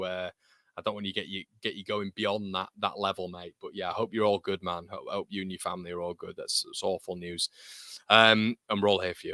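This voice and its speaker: A young man from England hosting a live football watchalong, chatting excitedly, reading out viewer comments and calling people mate. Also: lowish voice, no echo, clean studio sound.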